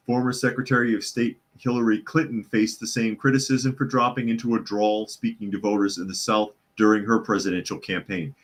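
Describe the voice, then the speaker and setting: A man with a low, deep voice hosts a casual live news talk podcast. He reads chat comments aloud and answers them in a sarcastic, opinionated way. His delivery rambles, with fillers and repeated phrases. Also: fairly even intonation, brisk, hardly any pauses. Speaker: podcast host.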